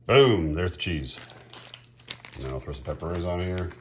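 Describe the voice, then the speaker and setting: A middle-aged man chatting casually as he cooks at home, laughing often and getting excited. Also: deep voice, normal speed, noisy background. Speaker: home cook. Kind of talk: casual cooking vlog.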